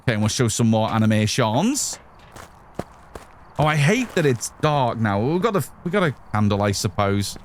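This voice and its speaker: Very animated and at normal speed, a streamer with a medium-pitched voice chats through his game, speaking to his viewers and to himself. There's a little hiss or hum in the recording.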